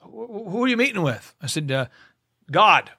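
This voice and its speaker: High-voiced man telling lively stories. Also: moderate pace, breathy edge. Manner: animated storyteller acting out both sides of dialogues. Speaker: guest. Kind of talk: casual studio conversation. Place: studio.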